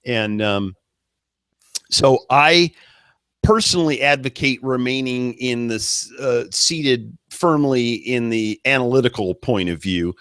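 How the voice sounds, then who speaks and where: A man's voice: medium pitch, slow pace, a bit bright, clean tone, no echo, studio quality. Emphatic, stammering male co-host. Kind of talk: casual political commentary.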